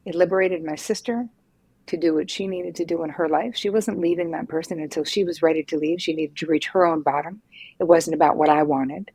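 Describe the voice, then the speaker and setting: A middle-aged woman, a psychotherapist guest, telling her story frankly and lively, swearing casually. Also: low voice, fairly quick, husky, no room sound. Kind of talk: candid conversational storytelling.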